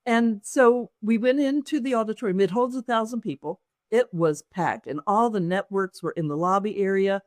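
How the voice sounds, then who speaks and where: A woman's voice: mid-range voice, normal speed, darkish tone, dry recording, studio quality. A woman, an author and business owner, telling a personal story in an interview and acting out other people's lines as she goes.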